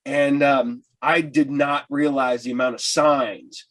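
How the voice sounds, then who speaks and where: A man's voice: medium pitch, steady tone, takes it slowly, fairly bright tone. A man hosting a casual podcast, easygoing and chuckling, who trips over his words as he tells a story. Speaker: podcast host.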